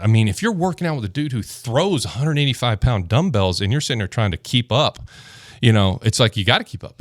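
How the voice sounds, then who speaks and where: A man's voice: lowish voice, no echo, clean studio sound. A man, a former football lineman, telling stories as a guest in a casual podcast chat and acting out the quotes. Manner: animated storyteller, acts out quotes. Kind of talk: casual storytelling.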